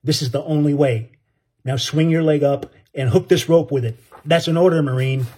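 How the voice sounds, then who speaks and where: Man doing a gruff burned sailor, croaking, commanding, husky. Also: fairly high pitch, normal speed, dark tone.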